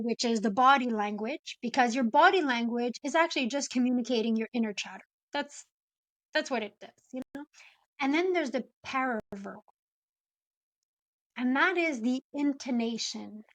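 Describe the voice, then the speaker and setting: A woman in her forties, a podcast guest and coach, explaining ideas in an animated way and acting out example phrasings. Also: fairly high pitch, dry recording. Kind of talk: conversational interview.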